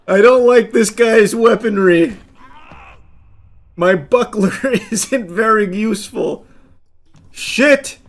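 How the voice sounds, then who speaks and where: A man doing let's play commentary, shouting and swearing at the game and then dropping to low, dry asides. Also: very slow, long pauses. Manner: drops to low, dry asides between outbursts. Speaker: gaming streamer.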